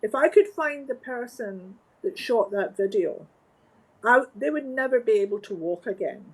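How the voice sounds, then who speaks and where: A Scottish woman, a guest from the flower trade, telling stories in an animated, wry and emphatic way. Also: on the high side, normal speed, breathy edge, poor audio. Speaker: interview guest, floral industry organizer. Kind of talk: conversational storytelling.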